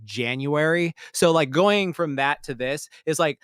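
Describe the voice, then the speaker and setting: Fairly high and smooth, this man's voice has a fairly bright tone and a measured pace, captured in a dry, clean studio recording. As a podcast co-host he rambles through a casual review, swearing a lot, leaning on fillers, and flaring up into heated outrage.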